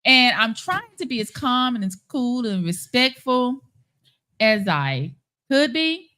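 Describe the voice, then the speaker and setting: A woman chatting casually on a live stream, telling a story in a playful, animated way. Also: a little high, slow pace. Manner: animated, playful, acts out quoted voices. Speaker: show guest. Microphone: live stream call.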